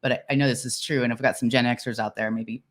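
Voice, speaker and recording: Middle aged woman, deep-ish voice, chatty podcast host who laughs a lot. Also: fast. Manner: animated storyteller who laughs often. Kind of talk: casual chat.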